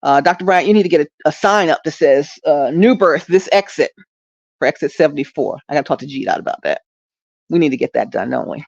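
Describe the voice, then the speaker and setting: A woman's voice: low voice, quick pace, vocal fry, darkish tone, dry recording, highs cut off. A woman, talking in a rambling, upbeat vlog style and laughing often, recorded lying down at home on a phone or webcam. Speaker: traffic reporter and streaming host. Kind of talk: casual direct-to-camera vlog.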